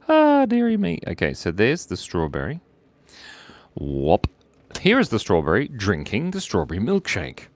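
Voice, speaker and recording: A man's voice: low-pitched, huge pitch swings, unhurried, no room sound. A man hosting a live drawing stream, chatting casually, joking, laughing often and reading out viewer comments.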